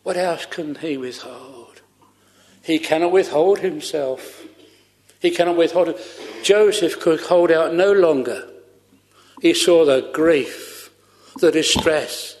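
A man's voice: a little high, slow pace, long pauses, a little mellow, in a large hall. A man preaching a sermon fervently, repeating his phrases for emphasis.

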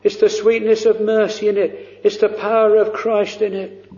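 A man preaching a sermon, slow and fervent, drawing out pleading phrases. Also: high voice, completely flat delivery, dark tone. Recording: dull lo-fi recording in a reverberant hall.

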